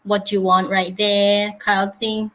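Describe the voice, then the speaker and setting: A woman's voice: medium pitch, level tone, unhurried, fairly bright tone, low-quality recording. A woman from Thailand with a Thai accent, a guest chatting in simple, friendly English and laughing often. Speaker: guest YouTuber. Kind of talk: casual interview chat.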